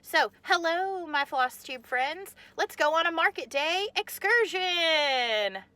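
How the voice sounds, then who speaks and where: A woman hosting an excited vlog, talking into a handheld phone camera on her way to and through a busy market. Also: extremely high pitch, slow, dry recording. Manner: bubbly, squealing with excitement. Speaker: vlog host. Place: car and busy market shop.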